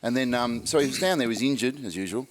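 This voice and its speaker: A man's voice: mid-range voice, lively intonation, fast talker. A middle-aged Australian man, a guest on a chat show, telling a rambling dressing-room anecdote in a dry way. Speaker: podcast guest, former cricketer. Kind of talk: casual chat, storytelling.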